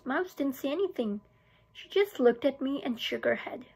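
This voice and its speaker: High, breathy woman reading aloud. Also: moderate pace. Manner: steady storytelling with small restarts. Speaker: teacher. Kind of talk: reading a children's novel aloud.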